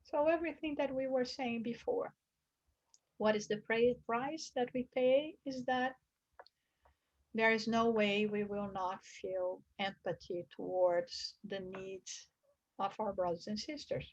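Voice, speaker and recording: A woman's voice: expressive, measured pace, muffled recording. A woman leading a religious study class, earnest, reading passages and explaining them. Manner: earnest, acts out quoted screams with high bursts. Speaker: study group teacher.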